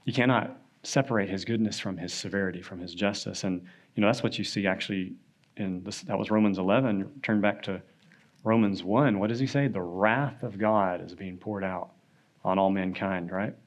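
Speaking low and at a moderate pace, a man leads a Sunday school Bible lesson inside a church classroom. He keeps things relaxed and chatty, frequently asking "right?", and livens up whenever he tells a story.

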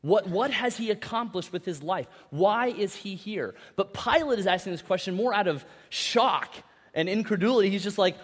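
A man preaching a sermon as pastor, in a conversational style with animated asides and repeated words. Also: high voice, moderate pace. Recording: long reverb of a large hall.

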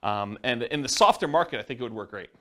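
A man in middle age talks fast through a live class in a meeting room. His delivery is casual and rambling, full of asides and fillers, with a pitch that sits in an ordinary middle range. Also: lively intonation, pushed and bright. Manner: casual, rambling, self-described introvert. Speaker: real estate investing instructor. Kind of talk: classroom lecture.

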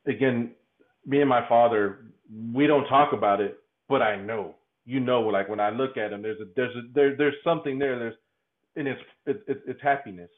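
A man giving a candid interview, talking haltingly, repeating words and laughing often. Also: mid-range voice. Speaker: podcast guest. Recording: tinny phone-like line.

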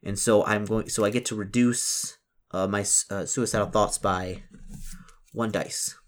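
A man narrating a solo tabletop role-play and reading out his dice rolls, often halting, repeating and restarting his words. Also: fairly low pitch, steady tone. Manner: halting, full of repetitions and restarts.

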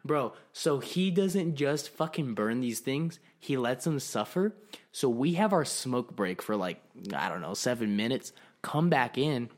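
A man's voice: mid-range voice, a little slow. A man hosting a podcast, telling a long story in casual chat, heavy on swearing, acting out what others said. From Arizona. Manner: animated, profane storyteller who acts out quotes. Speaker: podcast host.

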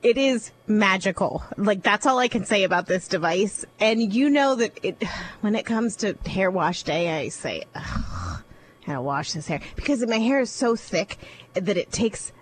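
A woman's voice: mid-range voice, moderate pace, slight background noise. A woman co-hosting a radio show, chatting casually and acting out the quotes in her stories. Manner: animated storyteller, acts out quotes. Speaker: co-host. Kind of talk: casual chat.

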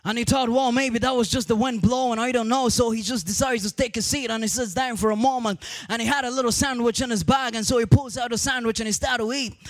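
A male preacher retelling a story in a sing-song sermon cadence, repeating and restarting words, building up to shouting. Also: very high voice, fairly even intonation, quick pace, hardly any pauses, dry recording.

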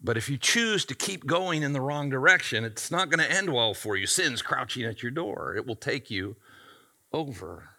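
A man's voice: medium pitch, animated, moderate pace, sharp tone. A man pastor delivering a sermon in an emphatic, conversational way.

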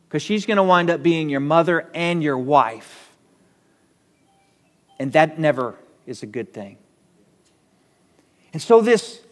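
A man's voice: high-pitched, long reverb tail. A male pastor preaching a sermon in an emphatic, conversational way.

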